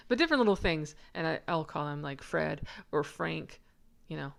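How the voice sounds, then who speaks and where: A woman's voice: low-pitched, expressive, moderate pace, gravelly, few pauses. A woman giving a casual, chatty lesson on a manuscript, giggly and rambling, who stops to answer viewer comments. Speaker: manuscript researcher presenting her findings.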